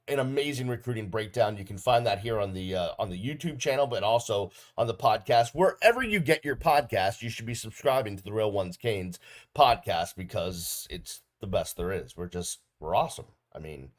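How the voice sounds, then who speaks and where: A middle-aged man hosting a podcast, giving a casual solo game recap with plenty of ums and uhs. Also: on the low side. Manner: casual, relaxed delivery with frequent ums and uhs. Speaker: podcast host. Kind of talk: solo sports recap video.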